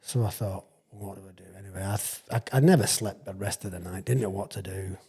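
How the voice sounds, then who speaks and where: A man's voice: low voice, fast talker, vocal fry, mellow, husky. A man around sixty, a retired rugby league player telling rambling, chuckling stories as a podcast guest. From England. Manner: rambling, chuckling storyteller with frequent restarts. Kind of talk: casual storytelling anecdote.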